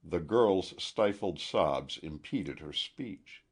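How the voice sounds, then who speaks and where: A male audiobook narrator with a low, husky voice. He reads slowly and with lively, shifting intonation. His delivery is measured and expressive. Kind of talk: audiobook reading.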